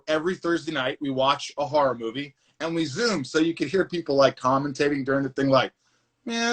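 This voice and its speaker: A man hosting a casual chat on a live video call from his phone, excitable and acting out movie scenes. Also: on the high side. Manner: excitable, acts out movie scenes in shouted bursts. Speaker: livestream host.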